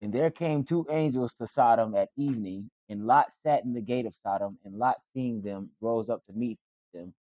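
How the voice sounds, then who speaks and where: A man reading scripture aloud in a steady, plain way. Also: medium pitch, moderate pace, no room sound, dull audio. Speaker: scripture reader.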